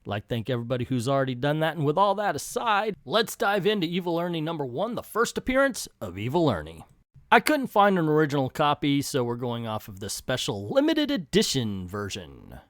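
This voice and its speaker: A man's voice: a little high, huge pitch swings, brisk, fairly bright tone, dry recording, clean studio sound. A man reviewing comic books in casual commentary with sarcastic asides.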